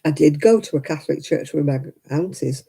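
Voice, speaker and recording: A woman's voice: low-pitched, fairly quick, gravelly, warm tone, husky, poor audio. An older woman, telling rambling personal stories in casual chat as host of a crafting livestream, full of "you know" asides.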